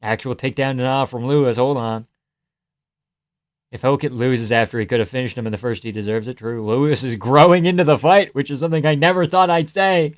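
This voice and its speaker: A young man hosting a livestream, reacting to a fight with casual, profane commentary, yelling advice at the fighters and laughing often. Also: medium pitch, brisk. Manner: excitable, profane, yells at fighters, frequent laughs. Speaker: livestream host.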